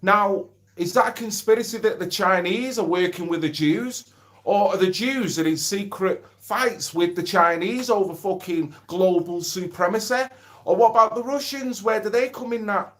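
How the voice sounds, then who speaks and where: A middle-aged livestream host talks casually from home in a fairly bright voice that's a bit high for a man, at normal speed. Blunt and freely profane, he reads and answers viewer comments as he goes.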